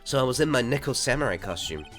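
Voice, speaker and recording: A man's voice: medium pitch, expressive, quick pace, fairly bright tone, soft background music, pitched above the performer's own voice. A man voicing a laid-back, vain male TV star in a game reading, with a drawling surfer-dude way of talking. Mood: casual.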